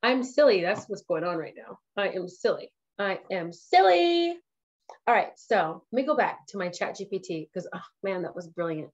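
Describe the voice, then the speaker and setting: A woman trainer hosting a casual live tutorial, chatting excitedly and laughing at herself as she works. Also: lowish voice, a little fast, hardly any pauses, slightly rough, dull audio. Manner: excitable, giggly, self-amused chatter.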